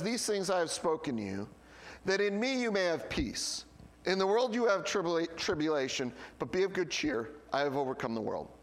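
A male pastor preaching a sermon in an animated style, firing off rhetorical questions and dropping to hushed asides. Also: a little high. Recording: long hall reverb.

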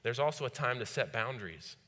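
A man's voice: medium pitch, animated, brisk, pushed and bright. A man preaching a sermon as pastor, repeating phrases and putting rhetorical questions to the congregation. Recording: long hall reverb.

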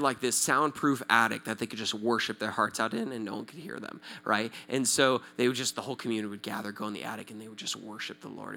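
A male pastor in his thirties from Southern California, his voice on the high side, tells a story during a sermon. He's animated, acting out the voices of the people in it and checking in with the audience.

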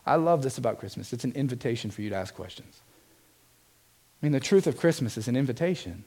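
A man's voice: medium pitch, lively intonation, fast, darkish tone, slightly rough. A man preaching a sermon as pastor, earnest and emphatic, putting direct questions to his congregation.

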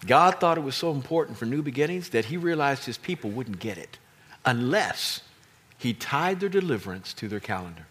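A man preaching a sermon as pastor, animated and emphatic, with playful asides to his congregation. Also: mid-range voice, moderate pace, husky.

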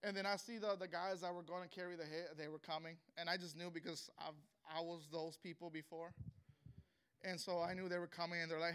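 High, bright-voiced man telling a testimony. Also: level tone, clear, resonant tone. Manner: earnest and emotional, halting with many restarts. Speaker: speaker sharing a personal testimony. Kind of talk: emotional spoken testimony.

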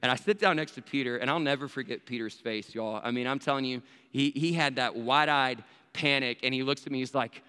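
A man's voice: mid-range voice, fairly quick, hardly any pauses, bright, forceful tone, smooth. A man telling a story in a sermon, acting out the voices of the people in it. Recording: long hall reverb.

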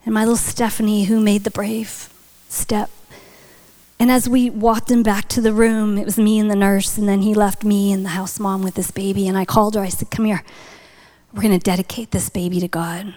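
A woman's voice: medium pitch, little pitch movement, moderate pace, a little mellow. A woman telling a story in a sermon, dropping to a whisper for emphasis and building to a passionate call at the close. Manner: rises to passionate exhortation. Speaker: speaker at a church.

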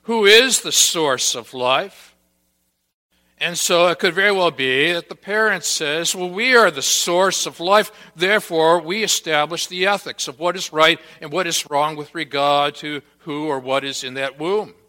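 A man preaching a sermon as pastor to his congregation, deliberate and emphatic, leaning hard on repeated key words. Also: on the high side, pushed and bright, long reverb tail.

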